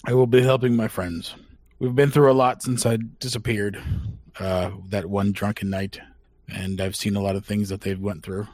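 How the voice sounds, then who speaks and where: A man voicing his character in a tabletop game, speaking haltingly with restarts. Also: on the low side, steady tone, a little mellow, dry recording. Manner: halting, many fillers and restarts. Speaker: player. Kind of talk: in-character tabletop role-play.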